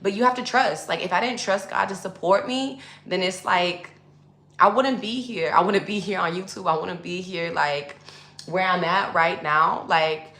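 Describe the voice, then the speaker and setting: A woman speaks as a spiritual coach in a loose, casual teaching monologue to camera, using lots of fillers and calling her listeners y'all. Her voice is on the low side with a fairly bright tone and moderate pace, recorded in an echoey room.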